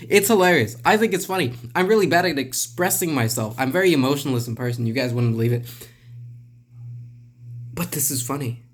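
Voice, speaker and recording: A man's voice: mid-range voice, animated, brisk. A man giving casual, rambling commentary on a comic book, wry and self-deprecating, talking straight to his viewers.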